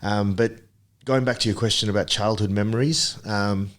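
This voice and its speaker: A man's voice: lowish voice, steady tone, normal speed. Reflective man from Papua New Guinea. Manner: reflective, storytelling with many ums and restarts. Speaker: podcast guest. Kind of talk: casual interview chat.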